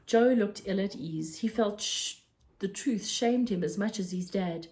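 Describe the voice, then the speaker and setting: A woman narrating a children's storybook aloud in a steady, clear storytelling manner. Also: medium pitch, measured pace.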